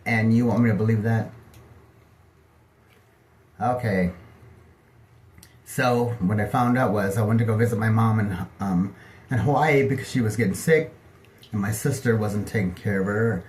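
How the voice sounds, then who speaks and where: A middle-aged man telling personal stories in a casual, gossipy monologue, lively and animated as he acts out what people said. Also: lowish voice, normal speed, pauses often. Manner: chatty, gossipy, animated, acting out other people's lines. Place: home bathtub.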